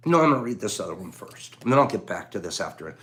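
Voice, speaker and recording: A man hosting a casual livestream, chatting playfully with viewers and reading their comments aloud, dropping to hushed whispers at times and breaking into loud laughter at others. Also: fairly low pitch, sing-song, fast. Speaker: livestream host.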